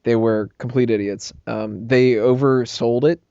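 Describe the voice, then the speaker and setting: A young man hosting a podcast roundtable, telling a story in an animated, laughing way and swearing freely. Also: mid-range voice, measured pace, vocal fry, clear, resonant tone, dry recording. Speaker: podcast host. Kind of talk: casual roundtable chat. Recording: slightly muffled podcast audio.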